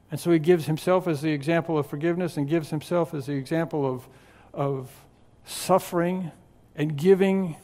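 A man preaching a sermon as pastor, teaching through a scripture passage with slow, emphatic stress on key words and some dry humor. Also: a little high, warm tone. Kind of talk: expository sermon. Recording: long hall reverb.

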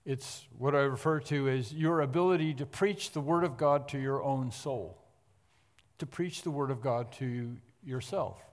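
A man's voice: medium pitch, a little slow. Preaching man in a reverberant church. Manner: earnest preaching with emphatic rises. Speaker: pastor. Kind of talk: sermon. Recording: long hall reverb.

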